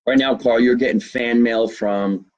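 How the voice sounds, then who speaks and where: Casual male host, mid-pitched, joking through fan mail and plugs. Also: steady tone, a little slow, darkish tone, highs cut off. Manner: chatty, jokey, reads fan mail and sponsor plugs. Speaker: podcast host. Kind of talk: casual live show chat.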